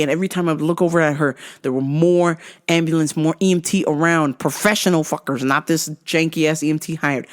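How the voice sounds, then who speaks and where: A woman vlogger telling a story casually, swearing freely and with animated delivery. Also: lowish voice. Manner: profane, animated.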